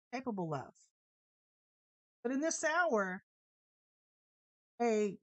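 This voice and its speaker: A woman's voice: high voice, no echo. A woman preaching an informal sermon in a fiery, sassy, emphatic way.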